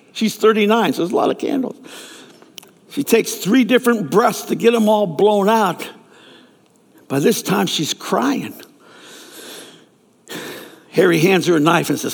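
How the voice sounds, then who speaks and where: Preaching a sermon in a large hall with long reverb, a man tells a story and acts out the characters' lines in raised voices. His voice is high-pitched, expressive, creaky and husky, at a measured pace with frequent pauses.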